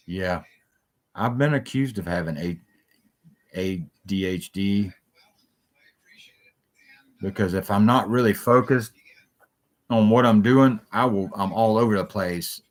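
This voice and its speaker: Rambling man, low voice. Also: slow, pauses often. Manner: rambling, jumps between topics, swears freely. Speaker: talk show host. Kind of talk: rambling solo chat show.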